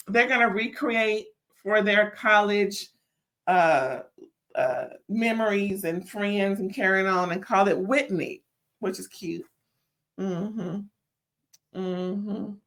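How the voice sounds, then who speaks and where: A woman hosting a casual reality TV review, sassy and animated, calling listeners "child" and stammering when riled up. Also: medium pitch. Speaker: reality TV recap host.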